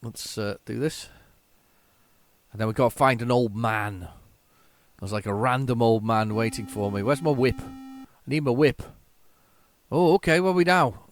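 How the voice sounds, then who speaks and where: A man giving casual, excitable, self-mocking commentary while playing an old computer game. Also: mid-range voice, moderate pace. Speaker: retro game tape reviewer.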